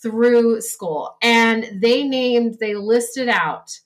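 A woman's voice: on the high side, very slow. A middle-aged woman co-hosting a casual podcast chat, talking freely and often laughing as she reads stories aloud. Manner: chatty, laughs while reading aloud. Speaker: podcast co-host.

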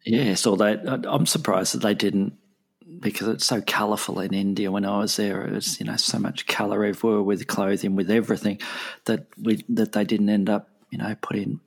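Gravelly low-voiced man chatting hesitantly. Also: fairly even intonation, a little fast. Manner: hesitant, many ums and restarts. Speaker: podcast co-host. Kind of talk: casual chat.

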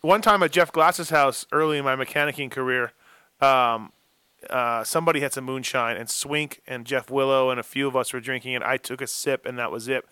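A man's voice: medium pitch, fairly even intonation, brisk, bright, forceful tone, clean tone, dry recording. A man hosting a casual chat show, jokey and playful, cutting in on the others. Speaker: host. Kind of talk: casual chat, teasing banter.

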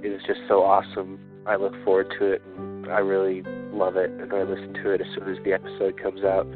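A man's voice: low voice, completely flat delivery, brisk, music in the background. A man leaving an earnest, gushing voicemail for a podcast. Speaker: caller. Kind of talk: voicemail message. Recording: tinny phone line.

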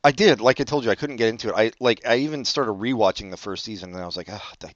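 A man's voice: on the low side, racing, a bit bright, dry recording. A man co-hosting a casual podcast chat, laid-back and casually profane, asking questions. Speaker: podcast co-host. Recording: dull dry close-mic audio.

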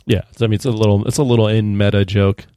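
A man's voice: on the low side, level tone, quick pace, dark tone, clear, resonant tone, dry recording, studio quality. A man co-hosting a podcast, recapping scenes in conversational chat with filler words. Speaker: podcast co-host. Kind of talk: casual chat.

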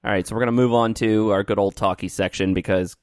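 Man, lowish voice, podcast co-host, casual chat, offhand quiz reading, dry close sound. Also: fast talker, clear, resonant tone, no echo. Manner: reads quiz questions aloud in a relaxed, offhand way.

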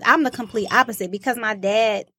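Woman, kinda high voice, earnest, keeps saying you know what i'm saying. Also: brisk, bright, forceful tone, slight background noise. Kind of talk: casual chat.

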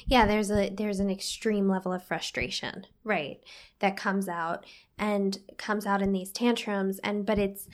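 Woman, interviewer, mid pitch, gentle, searching, halting. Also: steady tone. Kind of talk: interview questions.

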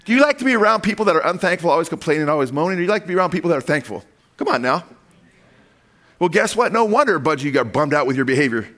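A middle-aged man delivers a sermon, his voice sitting slightly high for a man. He preaches with animated energy, punctuating his points with call-and-response amens. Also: very fast. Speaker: pastor.

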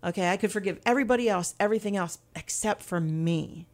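A woman's voice: mid-range voice, quick pace, darkish tone. A woman telling her personal faith testimony as an interview guest, earnest and candid.

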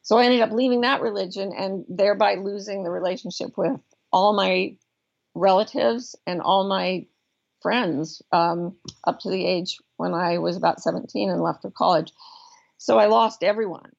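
A woman's voice: mid-range voice, vocal fry. A middle-aged woman guest telling a personal story in an interview, thoughtful and earnest, often restarting her sentences. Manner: earnest, thoughtful, with frequent restarts and slow emphasis. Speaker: guest, life coach. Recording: dull lo-fi recording.

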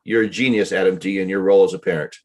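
A man's voice: low voice, fairly even intonation, very fast. A man co-hosting a casual chat, chummy and encouraging, egging his partner on. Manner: chummy, encouraging, laughs along. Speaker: podcast co-host, coach.

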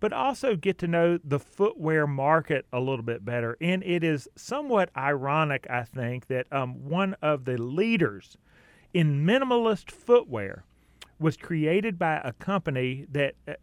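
A man hosts an outdoors radio talk show in a chatty, easygoing way, laughing often between points. His voice sits a little high. The studio sound is close and dry. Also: big pitch swings, measured pace, clean tone, no echo. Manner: chatty, laughs easily, some fillers.

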